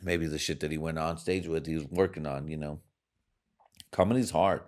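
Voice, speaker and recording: A man with a very deep voice rants through his own podcast. He swears constantly and wanders from point to point, his volume and pitch lurching up and back down. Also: steady tone, moderate pace. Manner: crude, swearing, rambling; loud swings in volume and pitch. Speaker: podcast host. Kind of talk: profane rambling monologue.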